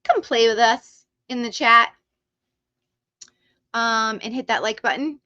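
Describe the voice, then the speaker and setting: Excitable, bright-voiced woman streamer. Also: on the high side, takes it slowly, no room sound, dull audio. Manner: excitable, talks straight to her chat viewers. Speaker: live stream host. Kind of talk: casual live-stream chat.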